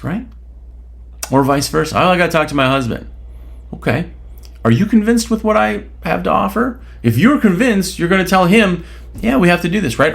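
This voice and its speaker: A man's voice: on the high side, creaky. A man hosting a solo podcast, talking bluntly and casually with a bit of swearing, and peppering his points with rhetorical questions. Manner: blunt, opinionated, casually profane; rhetorical questions, frequent "right?". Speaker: podcast host.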